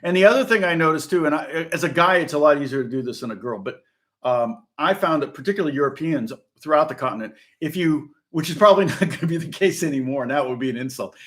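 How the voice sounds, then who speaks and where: Chatting on a casual live stream, a middle-aged American man who teaches guitar talks fast in a fairly high, animated, slightly bright voice. He rambles, laughs often and restarts his sentences again and again.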